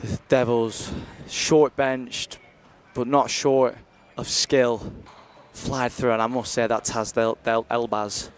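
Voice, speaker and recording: A man's voice: medium pitch, level tone, slow pace, few pauses, clear, resonant tone. A young man commentating live on a university ice hockey stream, chatty and jokey as he rambles between games.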